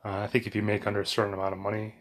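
An American vlogger rambles through a casual monologue in his home bedroom, sweaty and warmed up after exercise. He's chatty and meandering, full of fillers and restarts, speaking very fast in a lowish voice with a completely flat delivery.

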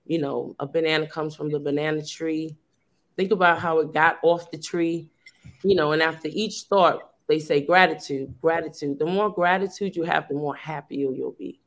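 A woman's voice: deep voice, fairly even intonation, moderate pace. A woman, a teacher, talking earnestly and at length over a video call, with lots of fillers and restarts. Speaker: teacher and youth program founder. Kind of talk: casual conversational sharing.

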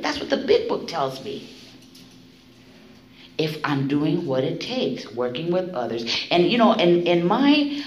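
A woman giving candid spoken testimony at a recovery meeting, blunt and profane, telling her story with animated delivery. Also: sits low. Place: meeting room. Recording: echoey room, faint noise.

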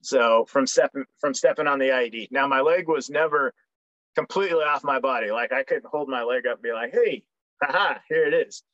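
In a casual storytelling interview, a young military veteran guest recounts his story frankly and jokingly, with plenty of ums and restarts. His mid-range voice is fairly bright and a little fast. The recording is dry and slightly dull, with no echo.

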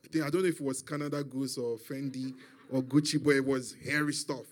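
A man's voice: mid-range voice, expressive, brisk. A man preaching a sermon, emphatic and calling out for responses from his listeners.

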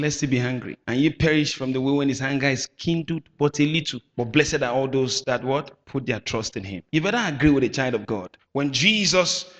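A man preaching a sermon with emphatic bursts, shouting at times and calling on the congregation to answer back. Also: a little high. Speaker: pastor. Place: church hall. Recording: echoey hall.

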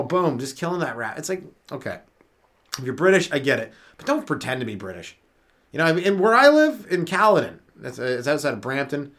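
This fast-talking Canadian host has an animated, somewhat bright medium-pitched voice. Running low on sleep, he rambles through his solo comedy podcast, cursing a lot and laughing at his own material.

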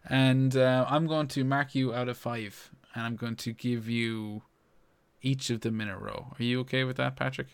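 A man's voice: medium pitch, steady tone, normal speed, gravelly, clean tone, no echo. A man hosting a casual podcast, teasing his guest and scoring his efforts like a quiz. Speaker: podcast host. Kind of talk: casual chat.

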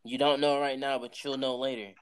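A teenage boy chatting casually, relaxed and rambling as he agrees with a friend. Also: medium pitch, a little fast, clean tone, no echo. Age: teens. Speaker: podcast co-host. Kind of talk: casual chat.

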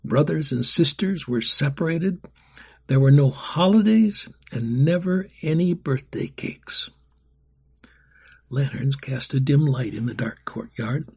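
A man narrating a storybook in a grave, steady telling. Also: on the high side, slow, creaky, breathy edge.

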